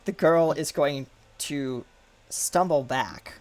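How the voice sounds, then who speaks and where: A man's voice: a little high, slow pace, darkish tone. A man narrating as game master, describing scenes in a rambling, filler-heavy way.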